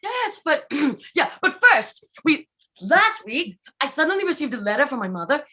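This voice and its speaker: A woman's voice: sits high, very animated, moderate pace, pushed and bright, exaggerated voice. Woman playing a chatty teasing young wife. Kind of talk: stage play reading.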